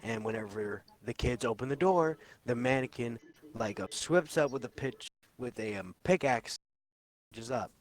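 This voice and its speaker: A man's voice: medium pitch, expressive, normal speed. A young man co-hosting a casual movie review chat, laid-back, retelling a film scene. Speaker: podcast co-host.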